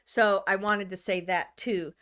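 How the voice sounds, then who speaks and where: A woman's voice: mid-range voice, fairly even intonation, measured pace, fairly bright tone, clear, resonant tone. Rambling woman chatting on a live stream. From United States. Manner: rambling, restarts sentences, greets viewers by name. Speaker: channeler hosting a live stream. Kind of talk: casual live-stream chat with viewers.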